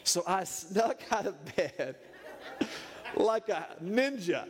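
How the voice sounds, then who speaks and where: Preacher guy telling a funny story, kinda high voice, big hall echo. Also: drawn-out words, some chatter behind. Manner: animated, playful storyteller. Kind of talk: humorous sermon storytelling. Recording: echoey hall reverb.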